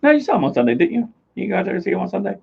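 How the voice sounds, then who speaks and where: A man's voice: high-pitched, big pitch swings, very fast, creaky, breathy edge. Guy on a late night stream, teasing and laughing, reads the chat, voice bounces up and down, lo-fi sound. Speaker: livestream co-host. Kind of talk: casual chat. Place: home livestream. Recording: slightly dull lo-fi stream audio.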